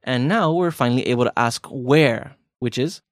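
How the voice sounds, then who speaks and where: A man's voice: medium pitch, moderate pace, no room sound, studio quality. A man hosting a language lesson podcast, teasing his co-host and stretching words for emphasis. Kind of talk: playful language lesson banter.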